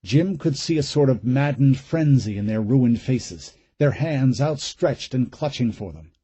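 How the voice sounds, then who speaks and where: A man's voice: mid-range voice, animated, measured pace, mellow, breathy edge, no echo. A man reading a horror audiobook aloud in a dramatic, suspenseful way. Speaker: audiobook narrator. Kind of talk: scripted narration.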